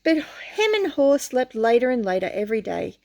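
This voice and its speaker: A woman reading a picture book aloud to children in an animated way, often pausing to ask the listener questions. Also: on the high side, gravelly. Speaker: storyteller.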